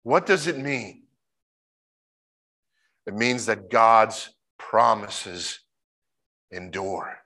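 A man preaching a sermon, telling stories in a lively way and jumping into high, excited voices when he imitates people. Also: extremely slow, pauses often. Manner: animated storytelling, mimics voices with big pitch jumps.

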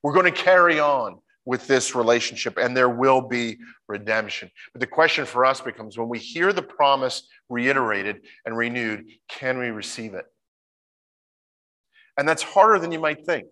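A man preaching a sermon, telling stories in a lively way and jumping into high, excited voices when he imitates people. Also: moderate pace. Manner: animated storytelling, mimics voices with big pitch jumps.

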